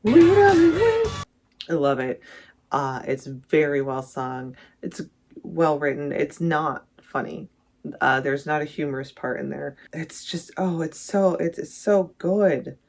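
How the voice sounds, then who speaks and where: Gravelly rambling album reviewer. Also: mid-range voice, measured pace. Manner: rambling, self-correcting, enthusiastic. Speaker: music reviewer vlogger. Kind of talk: casual album ranking commentary.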